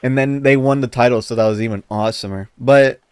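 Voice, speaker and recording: A man co-hosting a podcast, telling a story in casual chat, animated, laughing as he talks and swearing often. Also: mid-range voice, quick pace, clean tone, no room sound. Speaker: podcast co-host.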